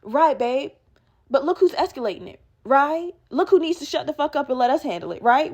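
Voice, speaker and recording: A woman hosting a podcast, telling a workplace story in a casual, animated, heavily profane way and acting out what people said. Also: sits high, fast talker. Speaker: podcast host.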